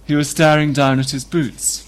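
Male reader, slightly high-pitched, steady literary narration. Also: normal speed. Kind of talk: reading a novel aloud.

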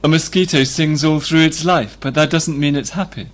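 Male reader as a sullen young man, dry and offhand, a touch high. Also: steady tone, moderate pace, close to an everyday voice. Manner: dry, curt.

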